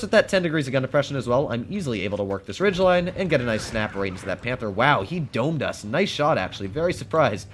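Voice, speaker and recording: A man's voice: medium pitch, very animated, quick pace, few pauses, a bit bright, slight background noise. Chatty male gameplay commentator. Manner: chatty, playful, talks to enemies while playing. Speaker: gaming channel host.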